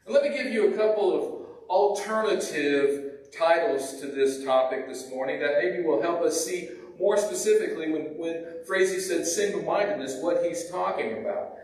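Higher-voiced preacher, echoey and distant. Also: male voice, expressive, normal speed, a little mellow. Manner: conversational, with restarts and repeated words. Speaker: pastor. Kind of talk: sermon. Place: church sanctuary. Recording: echoey church from far off.

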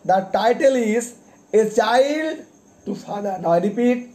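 Guy with a really high voice reading his poems out super slow, says the title twice, explains them after. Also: expressive, darkish tone. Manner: deliberate, repeats titles and page numbers. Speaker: poet. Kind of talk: poetry recitation.

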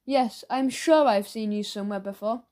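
A woman's voice: medium pitch, moderate pace, a little mellow, natural voice. A woman voicing an overly eager, chatty male newsagent who keeps pushing sweets in a salesy, fawning way.

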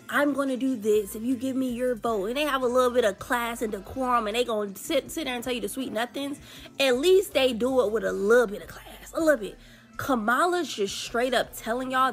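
Woman, blunt, exasperated, slangy, gravelly, political rant, faint music. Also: a little high, fairly bright tone.

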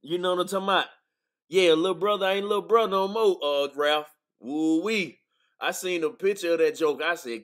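A man's voice: high voice, a little fast, a bit bright. A man hosting a casual livestream chat, laid-back and laughing easily, ending his lines with "man". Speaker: host.

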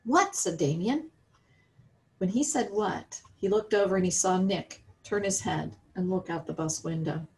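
A woman's voice: lowish voice, moderate pace, warm tone, slight background noise, poor audio. An American woman in her role as a religious education teacher, reading a story to children. She tells it expressively and keeps stopping to ask her listeners how they would feel.

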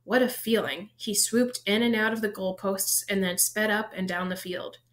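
Lady reading a kids' novel out loud, even steady pace, fixes the odd slip. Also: medium pitch, moderate pace. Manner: steady storytelling with small slips and self-corrections. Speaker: audiobook reader.

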